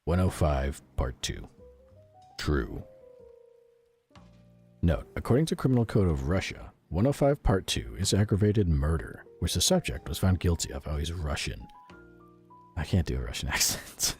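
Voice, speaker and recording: A man in his thirties reads a document aloud on his stream in a slow, very deep voice. His pitch swings widely as he switches from dry reading to joking asides. Faint music plays in the background. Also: big pitch swings, a little mellow. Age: 30s.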